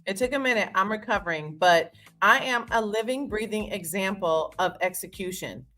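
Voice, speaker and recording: A woman's voice: mid-range voice, moderate pace, a bit bright, soft background music. A woman co-hosting a casual chat show, talking chattily and laughing at herself while calling in from abroad. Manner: chatty, laughing, self-mocking. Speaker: co-host. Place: remote call from abroad.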